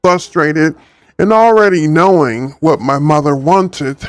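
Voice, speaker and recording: A man's voice: on the high side, takes it slowly, no echo, clean studio sound, faint music behind. A man chatting and reading a book aloud on a livestream, laid-back and ad-libbing. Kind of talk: casual livestream story reading.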